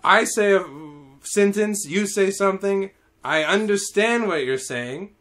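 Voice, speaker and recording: A young man telling a story in casual chat, animated, swearing often. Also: sits high, measured pace.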